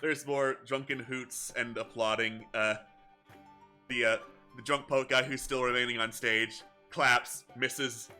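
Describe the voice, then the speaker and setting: A man narrating as game master, describing the scene quickly and laughing along. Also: medium pitch, steady tone, pushed and bright, soft background music.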